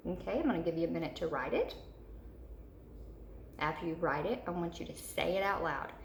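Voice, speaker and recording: A woman teaching a third-grade spelling lesson, patiently repeating each word slowly for young children. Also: fairly low pitch, lively intonation. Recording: echoey room with faint noise.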